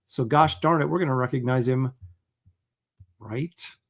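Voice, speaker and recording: A man's voice: medium pitch, measured pace, heavy background noise. Chatty middle-aged man hosting a livestream. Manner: chatty, loose, lots of fillers. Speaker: host. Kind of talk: casual livestream chat.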